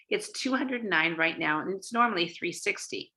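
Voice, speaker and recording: A woman's voice: lowish voice, lively intonation, moderate pace, few pauses, pushed and bright. A woman from Canada giving a casual sales training talk, chatty, with many fillers and restarts.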